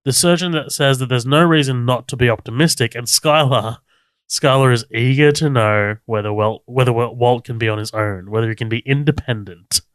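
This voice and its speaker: Smooth-voiced man, laid-back podcast chat. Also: mid-range voice, a little fast, no echo, studio quality. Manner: laid-back, swears freely, laughs often. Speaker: podcast co-host. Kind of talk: casual chat recapping a TV episode.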